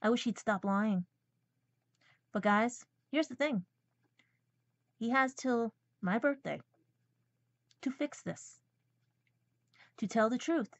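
A woman's voice: fairly high pitch, no room sound. A woman ranting confrontationally in a personal vlog, repeatedly calling out her viewers as "guys.". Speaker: vlogger. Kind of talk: angry personal vlog rant. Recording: dull lo-fi dry sound.

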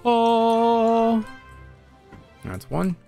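Young male streamer, gravelly, chatty and foul-mouthed while he plays. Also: very high-pitched, animated, drawn-out words, dark tone, soft background music. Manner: chatty, profane, talks to chat. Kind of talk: casual live gameplay commentary.

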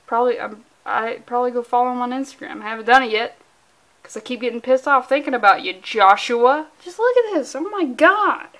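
A woman with a high voice talks straight to the camera in a casual comic book vlog. She plays at being furious, swears freely and rambles from one thought to the next with a joking edge. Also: fairly quick, fairly bright tone. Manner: mock-angry, profane, rambling, playful.

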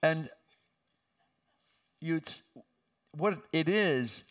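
This pastor's sermon is animated, with drawn-out words, a forceful delivery, and sudden loud, high outbursts. He is recorded in a church sanctuary, far from the microphone.

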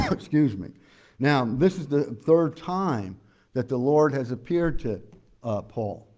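A man preaching an expository sermon as pastor. He explains scripture verse by verse, asks the congregation questions and often pauses on "uh". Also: medium pitch, animated, darkish tone. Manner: preaches conversationally with frequent "uh" fillers.

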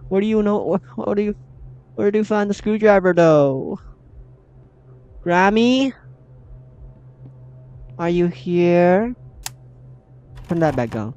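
A man's voice: high voice, animated, slow pace, pauses often, darkish tone, clear, resonant tone, dull audio. A young man hosting a horror game let's play, easily startled and talking to himself and his viewers as he goes. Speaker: gaming channel host.

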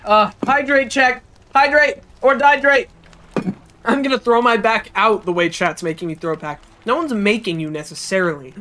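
Streamer, excitable and chatty, live gameplay commentary, addresses chat. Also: mid-range voice, moderate pace, slight background noise. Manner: excitable, chatty, talks to chat, reads game text aloud.

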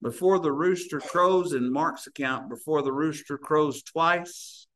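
A man's voice: fairly high pitch, measured pace, fairly bright tone. A man preaching a sermon, telling stories and acting out the voices in them. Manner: storytelling preacher, acts out voices in anecdotes.

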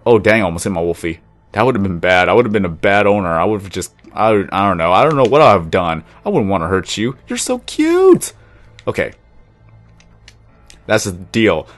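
A young gaming YouTuber rambles casually while playing a block-building game, now and then cooing at his pet dog. His voice is low and quick, and he calls himself monotone when calm. Faint music plays behind him.

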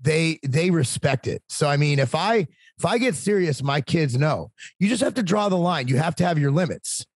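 Brief: talkative man in his forties, a bit high-pitched, husky, dry close sound, casual stories. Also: moderate pace, no echo. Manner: talkative, animated, swearing. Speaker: podcast guest. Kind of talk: casual storytelling.

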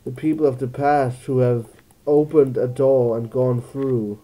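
Very dark-voiced man thinking aloud. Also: medium pitch, steady tone, a little slow. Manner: musing, thinking aloud, jokey asides. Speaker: let's play gamer. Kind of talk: casual gameplay commentary.

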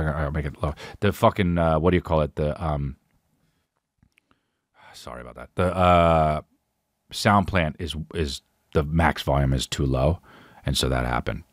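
A man hosting a podcast, telling a rambling, swearing story in casual chat with animated impressions. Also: a bass voice, normal speed, pauses often, dry recording, studio quality. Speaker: podcast host.

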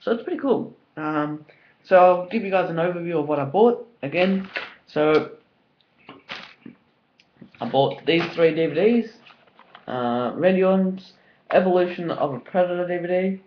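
A young Australian man talks through an unboxing with rambling, excited enthusiasm, full of ums and likes. His voice sits a little high for a man. The home recording sounds dull and lo-fi. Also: normal speed, pauses often, a little hiss or hum. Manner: enthusiastic and rambling, many fillers. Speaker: vlogger. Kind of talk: casual unboxing video.

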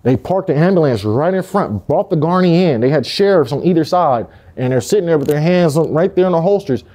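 Man, mellow dark tone, streetwise storyteller who acts out the voices he quotes. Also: on the high side, expressive, a little fast. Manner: streetwise, swears, quotes people in their voices. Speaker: interviewee. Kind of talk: candid storytelling interview.

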